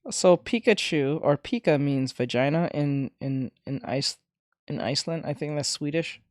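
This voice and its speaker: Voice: mid-range voice, normal speed, darkish tone, no room sound, clean studio sound. A streamer chatting casually while reacting to clips and reading chat, rambling and often laughing.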